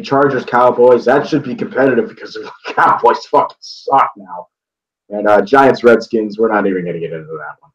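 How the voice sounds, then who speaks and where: A young man from northeast Ohio, chatting casually about a game, rambling with restarts and swearing freely. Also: mid-range voice. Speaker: sports vlogger. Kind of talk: casual chat. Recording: dull lo-fi sound.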